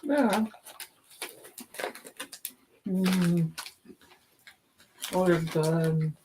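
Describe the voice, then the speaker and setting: A woman's voice: lowish voice, extremely slow, background noise. A woman co-hosting a casual snack tasting show, switching between chatty tasting remarks and playful read-out product blurbs. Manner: playful, reads product blurbs in a bright promo tone; murmurs tasting sounds while eating.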